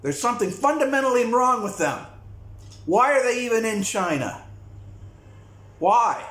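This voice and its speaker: A man's voice: very high voice, lively intonation, a little slow, a bit bright. A man delivering a blunt, repetitive, profane rant to camera as a vlogger. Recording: echoey room.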